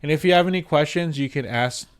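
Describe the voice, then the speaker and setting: Smooth-voiced man giving animated advice. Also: on the high side, fast talker. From United States. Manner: animated, repeats words for emphasis, acts out quotes. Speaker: real estate agent. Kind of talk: casual advice talk to camera.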